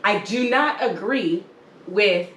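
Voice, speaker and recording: A woman's voice: mid-range voice, lively intonation, takes it slowly, a bit bright, a little hiss or hum. A woman co-hosting a podcast, talking bluntly and emphatically with plenty of swearing in a heated casual discussion. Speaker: podcast co-host. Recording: echoey room with faint ambience.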